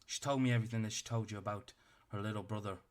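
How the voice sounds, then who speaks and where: A man's voice: lowish voice, steady tone, rapid-fire, natural voice. A man voicing a tiny, fierce female rabbit-folk captain who is bossy and stern, in a tabletop game. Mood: probing. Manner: scolding, clipped commands.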